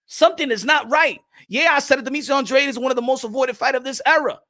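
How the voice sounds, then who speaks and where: A man's voice: extremely high pitch, rapid-fire, bright, forceful tone. A man hosting a live boxing stream, ranting heatedly and greeting viewers in the chat, with profanity and lots of repeated words. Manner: greets chat viewers by name mid-rant. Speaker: boxing commentary host.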